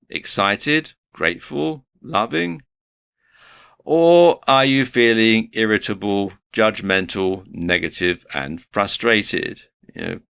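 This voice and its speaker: Man, online course teacher, motivational, earnest, bright tone, dry close sound. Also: fairly low pitch, vocal fry, clean tone, no room sound. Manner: earnest, advice-giving, lists points in order. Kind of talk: motivational lecture.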